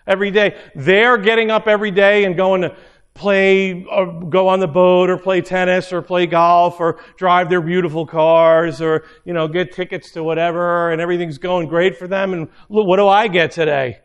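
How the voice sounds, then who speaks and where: A man preaching a sermon, animated, acting out little scenes in character voices. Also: high-pitched, normal speed, clean tone. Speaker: pastor.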